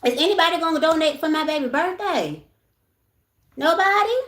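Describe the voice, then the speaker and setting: Animated, profane woman livestreamer. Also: sits high, fast talker, roomy sound. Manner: blunt, profane, swings from ranting to soothing. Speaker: livestream host. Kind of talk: casual livestream chat.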